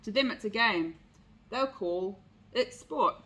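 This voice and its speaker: A woman's voice: on the high side, takes it slowly, pushed and bright, low-quality recording. A woman voicing a serious, grave porcupine in a read-aloud picture book. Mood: grim.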